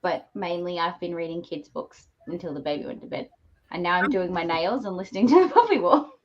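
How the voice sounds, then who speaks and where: A woman chatting on a video call, relaxed and matter-of-fact. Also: lowish voice, fairly quick, highs cut off. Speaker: guest reader. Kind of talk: casual group video chat.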